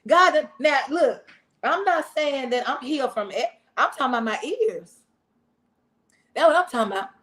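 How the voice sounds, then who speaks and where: High-voiced woman preaching with rhythmic repetition. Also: animated, moderate pace, a bit bright. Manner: preachy, call-and-response, repeats phrases. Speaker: pastor. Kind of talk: live-streamed sermon talk. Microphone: wears hearing aids, speaking to camera.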